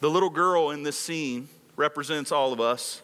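A man's voice: fairly high pitch, normal speed, fairly bright tone, smooth. A male pastor preaching a sermon on a microphone in a large church hall, with passionate delivery and lots of rhetorical repetition.

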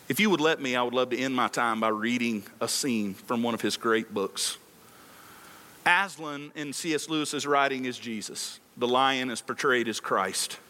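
A man's voice: mid-range voice, measured pace, bright, forceful tone. A male pastor preaching a sermon on a microphone in a large church hall, with passionate delivery and lots of rhetorical repetition.

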